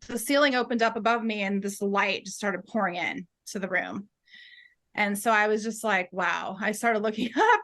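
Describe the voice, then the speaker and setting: A woman speaks as a guest, telling a deeply personal story. Her voice sits a little high and rings very bright. She halts often with fillers and small laughs, and she sounds close to tears. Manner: halting, with fillers and soft laughs. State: tearful. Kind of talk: emotional personal storytelling in an interview.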